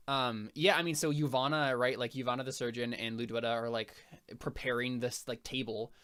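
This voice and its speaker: A man's voice: medium pitch, fairly even intonation, moderate pace, a bit bright, clear, resonant tone. A young man acting as game master, narrating casually with lots of fillers and laughs. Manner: rambling, full of fillers and laughs.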